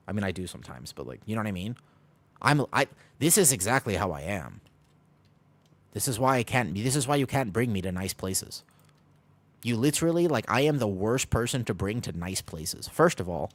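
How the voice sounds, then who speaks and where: A fairly low-pitched man talks casually to his viewers as he plays, drifting between game calls and self-deprecating jokes. His talk is loose and rambling, full of asides to chat. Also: dry recording. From United States. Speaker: streamer. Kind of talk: casual gaming stream chat.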